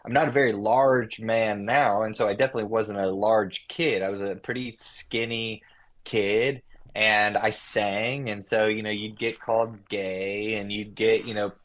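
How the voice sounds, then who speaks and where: A man with a lowish voice talks slowly through a memory, circling back and restarting as he finds his words. He speaks like a guest on a casual podcast, thoughtful rather than performative. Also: flat delivery. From Nashville. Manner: reflective, rambling with many restarts. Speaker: guest musician.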